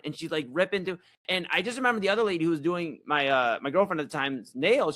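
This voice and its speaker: A young man co-hosting a comedy chat show, telling a story in a rambling, animated, self-mocking way. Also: high voice, fairly quick. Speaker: co-host.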